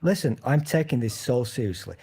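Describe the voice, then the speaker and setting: Man with a mellow voice on a call. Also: medium pitch, lively intonation, a little fast, breathy edge. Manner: playful, trying out a New York accent. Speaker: video call participant. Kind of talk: casual chat. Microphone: video call.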